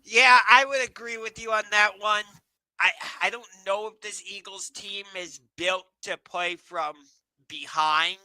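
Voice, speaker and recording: A man with a high, sharply bright voice recorded dry and close. He co-hosts a casual sports podcast, hedging with frequent ums and tossing questions back to his partner. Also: fairly even intonation, unhurried, clean tone, dry recording, poor audio. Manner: hesitant, many ums, questioning. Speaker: podcast co-host.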